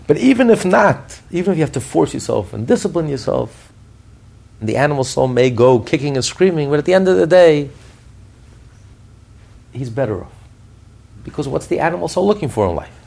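Gravelly, animated man teaching Torah. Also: a little high, a little fast, long pauses. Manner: animated storyteller with repeated restarts and chuckles. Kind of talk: podcast Torah class.

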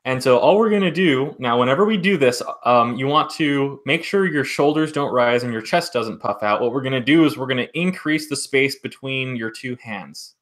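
A man acting as vocal coach, calmly guiding listeners step by step through a breathing exercise. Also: mid-range voice, normal speed, hardly any pauses. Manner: calm step-by-step instruction.

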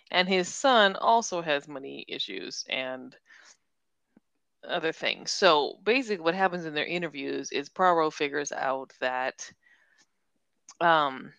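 Young woman co-host, chatty and giggly, slightly low voice, dry close sound. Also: fairly bright tone, clear, resonant tone, no room sound. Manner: chatty, retells scenes with quoted voices, giggles. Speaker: podcast co-host. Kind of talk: casual book discussion.

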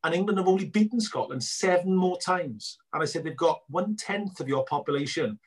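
A middle-aged man, a filmmaker being interviewed, telling animated stories and acting out both sides of conversations. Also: high voice, fairly quick, breathy edge. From Wales. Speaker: guest filmmaker. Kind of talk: casual interview chat.

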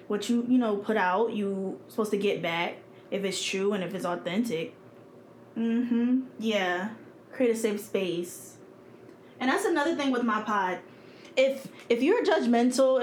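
A woman in her twenties hosts her own podcast, talking solo in a blunt, chatty way and laughing often. Her voice is on the high side, and there's slight background noise.

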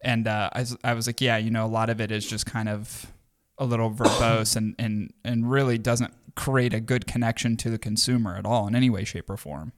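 A man's voice: lowish voice, fairly even intonation, fairly quick, few pauses. Rambling man on a podcast. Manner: rambling, many fillers and restarts, earnest. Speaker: podcast co-host. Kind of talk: casual chat.

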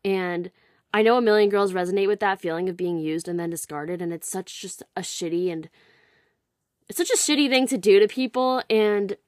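A young woman in her twenties hosts a podcast and tells a dating story straight into a close microphone. Her voice sits a little low for a woman, and the sound is dry and close, with no room echo. She talks frankly and sarcastically and swears freely. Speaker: podcast host. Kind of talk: casual storytelling monologue.

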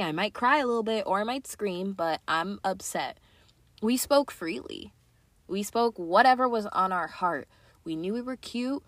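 A woman's voice: medium pitch, fairly bright tone, no room sound. A young woman hosting a podcast, talking earnestly and casually with lots of "like" and "right?". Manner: earnest, chatty, many "like" and "right?" fillers. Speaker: podcast host. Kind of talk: casual confessional chat.

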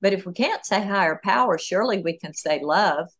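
Podcast guest, woman, animated talker with lots of fillers, mid pitch. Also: a little fast, breathy edge. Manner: animated, talks through ideas with many fillers. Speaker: author and guest. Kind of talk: podcast interview.

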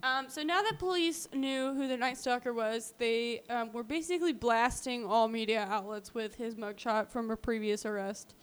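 A woman's voice: a little high, normal speed, few pauses, smooth. A woman co-hosting a podcast, casually retelling a true-crime story with lots of fillers. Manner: chatty, lots of "um" and "like", acts out quotes. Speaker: podcast co-host.

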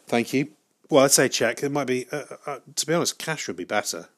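A man hosting a solo podcast, rambling through a comic monologue in a deadpan, self-mocking way with frequent hesitations and restarts. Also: medium pitch, fast. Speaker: podcast host.

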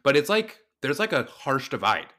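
A man's voice: medium pitch, very animated, moderate pace, bright, forceful tone. A man co-hosting a comic podcast, chatting casually with wry, joking asides. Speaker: podcast co-host. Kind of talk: casual chat.

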